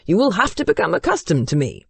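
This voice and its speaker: A woman voicing a gruff young male duke with a grumbly, curt and disdainful manner, in an audiobook. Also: fairly low pitch, huge pitch swings, fast, no room sound, exaggerated voice.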